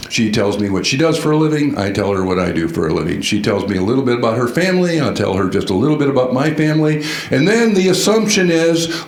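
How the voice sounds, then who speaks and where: A man giving a storytelling keynote at a conference, animated and quizzing the audience with questions. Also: mid-range voice. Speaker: conference speaker. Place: large conference hall. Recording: echoey hall sound.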